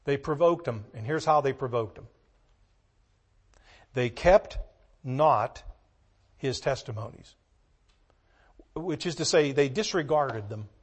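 A man preaching a sermon, reading scripture slowly and swinging between hushed asides and loud emphatic lines. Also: medium pitch, animated, breathy edge. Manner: reads scripture in slow, measured tones.

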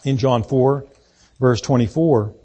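A man preaching a sermon as pastor, swelling to emphatic lines and then dropping to quiet asides. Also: mid-range voice, takes it slowly, breathy edge. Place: church sanctuary.

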